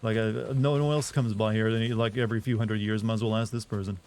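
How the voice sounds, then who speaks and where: A man's voice: on the low side, level tone, quick pace, a little mellow, a little hiss or hum. A young man from the American South with a subtle Southern US accent, chatting casually and self-deprecatingly as he streams a game. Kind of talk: casual gameplay commentary.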